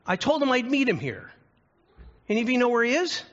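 A man's voice: big pitch swings, brisk, full character voice. A man voicing God as a grieving father desperately searching for his lost son, in a dull lo-fi recording. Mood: pleading. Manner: shouting, pleading, high-pitched and distraught.

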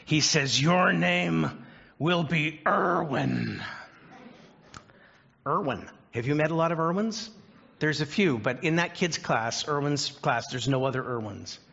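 A man preaching a sermon as pastor, earnest and deliberate, slowing down on key phrases and ending in prayer. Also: a little high, animated, fairly bright tone, dull audio.

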